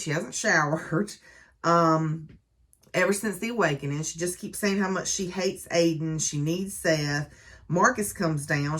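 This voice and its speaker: A woman with a somewhat low voice talks through a book review in a relaxed, chatty way. She recaps the story conversationally, leaning on easy fillers as she goes.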